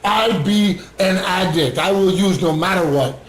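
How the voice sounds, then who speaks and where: A recovering addict shares his story in an earnest livestream monologue, often asking "right?". His high voice is unhurried, and the rough recording from a webcam or phone on a screen sounds echoey.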